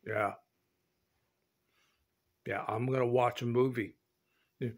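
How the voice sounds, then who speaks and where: A man talks to his viewers in a slow, rambling, goofy way. He laughs often and veers between low mumbles and sudden loud, high-pitched outbursts. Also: fairly even intonation. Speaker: vlogger. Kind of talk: rambling casual vlog. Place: indoor showroom with a concrete floor.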